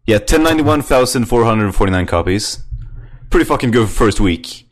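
A man's voice: fairly low pitch, animated, a little fast. Laid-back man reading out game scores. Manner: swearing, loose and joking. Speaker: podcast host. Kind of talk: casual group chat, reading out scores.

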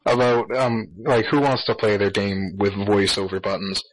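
Exasperated, husky-voiced man ranting. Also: lowish voice, flat delivery, moderate pace, no echo, rough recording. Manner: exasperated, swears freely. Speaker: podcast co-host. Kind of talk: casual gaming podcast chat.

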